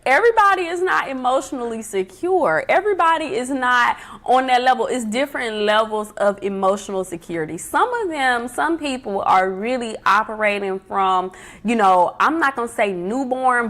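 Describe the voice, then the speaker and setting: A woman's voice: fairly high pitch, lively intonation, normal speed, a bit bright. A woman hosting a casual livestream from home, giving life advice in an emphatic, chatty way and repeating her key points. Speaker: livestream host.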